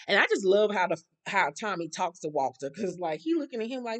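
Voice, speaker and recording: A woman hosting a casual TV episode recap and retelling the plot in a profane, animated way full of slang. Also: mid-range voice, fairly quick, few pauses. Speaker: TV recap host.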